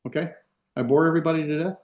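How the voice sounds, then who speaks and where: Recorded with dull audio in an echoey classroom, a male Hebrew instructor talks rapid-fire in a fairly high voice with fairly even intonation. His lecture moves step by step, packed with fillers, as he checks in on whether students understand.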